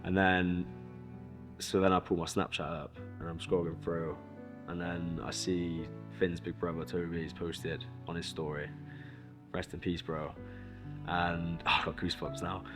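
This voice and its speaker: Low-voiced young man recounting a loss. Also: level tone, normal speed, music in the background. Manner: casual, swearing, storytelling with quoted dialogue. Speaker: interviewee, rapper. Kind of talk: documentary interview.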